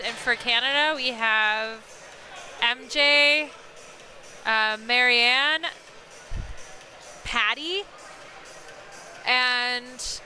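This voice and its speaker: A woman calls a live game play-by-play in a high, bright voice, quick to exclaim at a near miss. She keeps things chatty, speaking directly to people watching online. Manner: excitable, laughs and exclaims at big plays. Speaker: play-by-play commentator. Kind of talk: live sports commentary.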